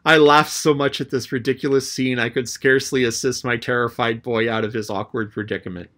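Man reading an adventure novel. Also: a little fast. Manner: lively storytelling, raising his pitch for the boy's lines. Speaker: audiobook narrator.

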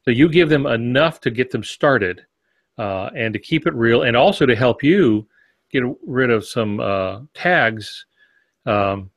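A man co-hosting a podcast on fiction writing, explaining points in a relaxed, thoughtful way with examples. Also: medium pitch, no echo. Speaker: podcast co-host. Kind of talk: casual podcast discussion on writing.

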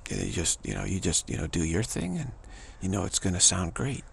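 Addressing an audience, a man rambles loosely in a low, slightly rough voice with vocal fry, his pitch swooping wildly and his pace a little fast. He repeats himself and breaks into drum-like, scat-style asides.

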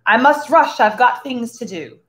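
A woman's voice: on the high side, expressive, normal speed, fairly bright tone. A woman voicing a boastful, self-important male explorer in a read-aloud storybook. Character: boastful pompous male explorer, grown man.

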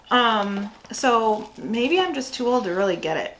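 A woman's voice: on the high side, animated, slow pace, bright, forceful tone, slight background noise, poor audio. A woman hosting a casual snack review, chatty and full of fillers as she thinks aloud. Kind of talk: casual food review chat.

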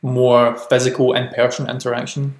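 Giggly young podcast host. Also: male voice, mid-range voice, normal speed. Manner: giggly, teasing, relaxed. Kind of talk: casual interview chat. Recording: echoey room.

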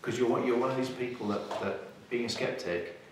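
A man's voice: mid-range voice, fairly even intonation, brisk. A man on a paranormal investigation, chatting enthusiastically in long run-on thoughts. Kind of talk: casual chat on location. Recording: echoey, distant, faintly noisy location audio.

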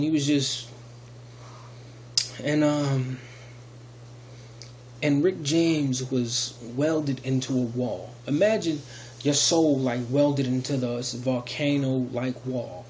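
A man's voice: a little high, darkish tone, slight background noise. Rambling man telling a testimony. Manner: rambling, many restarts and fillers. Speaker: video testimony speaker. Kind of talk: casual spoken testimony.

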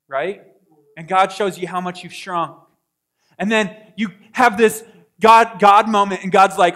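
A male pastor preaching a sermon in a conversational way, asking the congregation questions and acting out prayers, swinging from quiet asides to loud bursts. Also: high voice, fairly even intonation, moderate pace.

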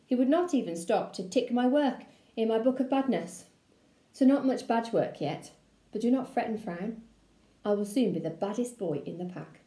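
A woman primary school teacher reading a children's book aloud to her class, with an expressive, playful delivery. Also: a little high, moderate pace, reverberant.

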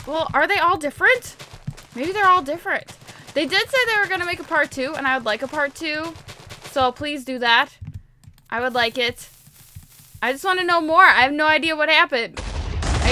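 A woman's voice: high voice, lively intonation, brisk, bright, forceful tone, a little hiss or hum. A young woman giving casual, rambling commentary while playing a video game, chatty and giggly. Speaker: gaming YouTuber.

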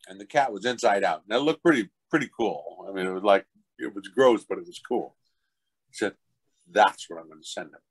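A man's voice: a little fast, husky, poor audio. An older man, a voice actor, telling anecdotes in an interview and acting out other people's voices. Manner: animated, acts out other people's voices in high pitch. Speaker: voice actor guest.

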